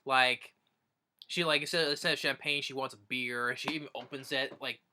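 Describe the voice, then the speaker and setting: A man's voice: mid-range voice, steady tone, normal speed, bright, forceful tone. A man casually retelling a movie's plot as a reviewer, rambling with many restarts. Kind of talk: casual film review recap.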